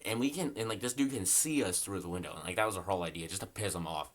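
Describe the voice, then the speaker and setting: A man's voice: sits low, very fast. A young man in a casual, rambling storytime vlog, full of profanity and constant "like" and "bro", recorded in his bedroom at home. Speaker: storytelling vlogger.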